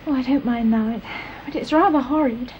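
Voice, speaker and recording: A shaken, earnest young woman, played by an actress in a radio drama, with a high, soft voice. She speaks in a confiding way, through a dull lo-fi recording. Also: a little fast, a little hiss or hum, natural voice. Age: young adult. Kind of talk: 1930s-set radio drama.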